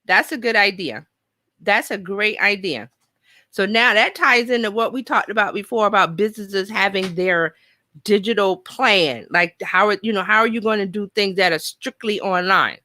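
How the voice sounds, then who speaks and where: Hosting a casual live show, a woman from New York chats, thinks out loud and reads viewers' comments aloud. She speaks at medium pitch and moderate pace with a sharp tone, with no echo.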